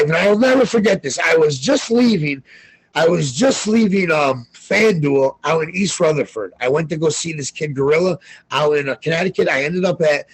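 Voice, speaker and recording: A man talking as a podcast guest, loud and excitable, telling stories with lots of energy and cursing. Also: on the high side, slightly rough, dry recording, low-quality recording. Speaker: guest sports bettor. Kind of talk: casual podcast interview.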